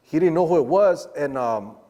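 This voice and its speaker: A man's voice: fairly high pitch, animated, normal speed, mellow, big-room sound. A man guest telling a long story in casual street slang, acting out the voices of the people he quotes. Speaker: podcast guest.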